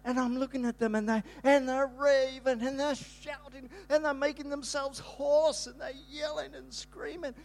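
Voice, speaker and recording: An older man, a pastor, telling a rambling, animated story in a sermon, breaking into sudden shouts. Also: very high voice, normal speed, creaky, few pauses.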